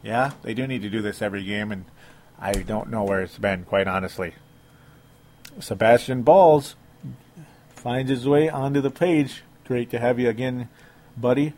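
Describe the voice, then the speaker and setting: A man's voice: medium pitch, moderate pace, long pauses, a little mellow. A man hosting a casual sports talk show, chatting, chuckling and reading listener comments aloud.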